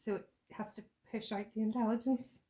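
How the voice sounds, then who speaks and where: A woman's voice: fairly high pitch, fairly even intonation, a little fast, warm tone. A woman with a son, co-hosting a podcast, playful and teasing in casual chat. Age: adult, a parent. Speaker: podcast co-host.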